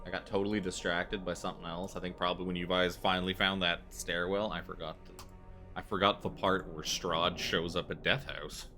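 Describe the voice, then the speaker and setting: A man's voice: flat delivery, fairly quick, pushed and bright, faint music behind. A man narrating a tabletop game as dungeon master, casual and loose, with some swearing. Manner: casual, loose, swears, puts on squeaky creature voices.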